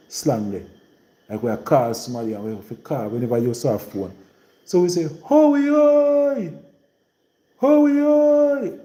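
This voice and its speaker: Jamaican man, rural Trelawny patois accent, very dark mellow tone, rambling live-stream host. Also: medium pitch, reverberant, poor audio. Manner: rambling and repetitive, in heavy patois. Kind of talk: casual live-stream monologue.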